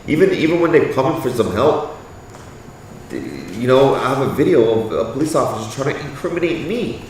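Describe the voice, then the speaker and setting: A man's voice: medium pitch, lively intonation, brisk, a little mellow, a little hiss or hum. Blunt profane man, roomy far-off sound. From Canada. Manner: blunt and profane, repeats "you get what I'm saying". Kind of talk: casual chat. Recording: echoey, far from the mic.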